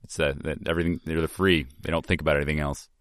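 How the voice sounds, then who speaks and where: A man's voice: very deep voice, little pitch movement, quick pace, no echo. A man co-hosting a casual movie podcast, making dry, wry remarks. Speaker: podcast co-host.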